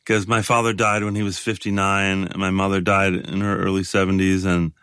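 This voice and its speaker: A man in his sixties, a guest in a conversation, talking in a halting, reflective way with many restarts. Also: sits low, flat delivery, fairly bright tone, smooth, dry recording, studio quality. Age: 60s. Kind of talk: casual conversation.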